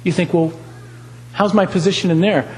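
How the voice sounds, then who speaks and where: A man's voice: high voice, steady tone, moderate pace, darkish tone, big-room sound, low-quality recording. A man preaching a sermon, talking with animation, asking the congregation questions and repeating lines for emphasis.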